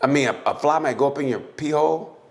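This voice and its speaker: A man's voice: on the high side, fast talker. A man co-hosting a podcast in loose, profane, joking chat, acting out people in his stories. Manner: profane, animated, acts out voices in anecdotes. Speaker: podcast co-host. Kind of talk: casual comedic chat.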